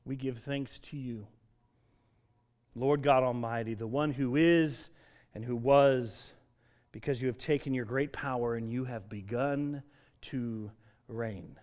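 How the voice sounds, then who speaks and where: A middle-aged man from Denver preaching a sermon as pastor, moving between emphatic declarations and soft, reflective passages. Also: medium pitch, takes it slowly. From Denver, Colorado.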